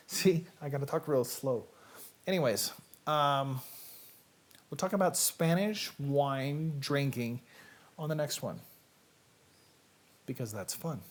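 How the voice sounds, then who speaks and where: A man's voice: mid-range voice, expressive, a little slow, long pauses. A middle-aged man with a Southern US accent, hosting a casual, rambling livestream chat in a self-deprecating way. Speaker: host.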